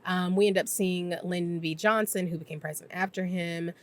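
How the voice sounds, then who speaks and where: A woman's voice: lowish voice, steady tone. A woman casually recapping a TV episode for her channel, talking freely with lots of filler words. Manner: chatty, filler-heavy, slips into quick impressions. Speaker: YouTube TV reviewer.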